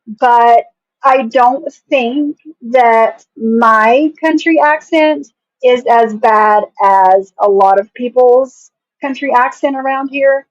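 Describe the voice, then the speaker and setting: Country-talking west virginia woman, kinda high voice, blunt and cussing, muffled lo-fi stream audio, dry. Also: takes it slowly, dry recording. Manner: blunt, swears freely, reads comments aloud. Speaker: commentary streamer. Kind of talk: casual reaction commentary.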